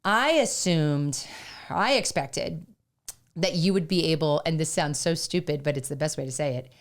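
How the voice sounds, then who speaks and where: Woman, 50s, podcast co-host, candid, animated storyteller, quotes herself and others. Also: low-pitched, normal speed. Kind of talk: casual conversation.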